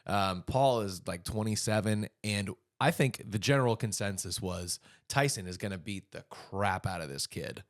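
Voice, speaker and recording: A man's voice: on the low side, normal speed, few pauses. A man co-hosting a podcast in casual chat, telling stories with frequent asides. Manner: animated storytelling with frequent asides. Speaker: podcast co-host.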